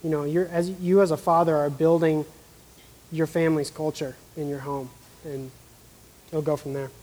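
A man sharing his own reflections in a soft-spoken way during a teaching talk. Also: on the high side, flat delivery, moderate pace, in a large hall, rough recording. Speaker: co-speaker. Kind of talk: sermon discussion.

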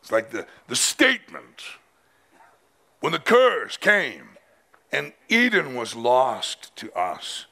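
A male preacher delivering a dramatic sermon, his voice swinging widely from high to low. The tone is gravelly and bright, and he speaks slowly with emphatic pauses. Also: wildly swooping pitch. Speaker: pastor. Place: men's conference.

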